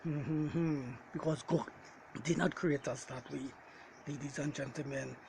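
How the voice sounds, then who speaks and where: A man delivering a preaching message as a self-styled Bible teacher, talking straight to his listeners, hammering his points with repeated refrains and calling them ladies and gentlemen. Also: fairly high pitch, steady tone, a little slow, vocal fry, a little hiss or hum, poor audio.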